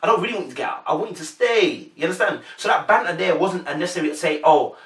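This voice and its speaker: Slangy London man, bright echoey sound. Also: sits high, expressive, rapid-fire, distant mic. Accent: London English. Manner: chatty, slangy, addresses viewers directly. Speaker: reaction commentator. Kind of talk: casual to-camera commentary. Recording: echoey room, voice a bit off-mic.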